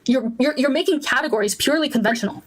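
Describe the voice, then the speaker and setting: A woman's voice: high-pitched, fast talker, slightly rough. A woman debating heatedly online, insistent and repeating herself to talk over interruptions.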